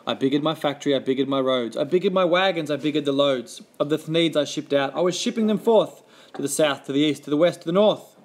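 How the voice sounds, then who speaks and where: A man reading a rhyming children's story aloud with a lively, rhythmic delivery. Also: on the high side, fast.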